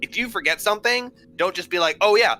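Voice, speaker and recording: Bright-voiced man running a tabletop game. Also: sits high, fast. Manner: rambling, filler-heavy, laughs often. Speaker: game master.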